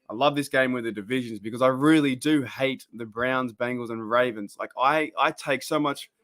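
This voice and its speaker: An Australian man hosting a live sports reaction stream, chatting casually and rambling, with bursts of excitement at the plays. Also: mid-range voice.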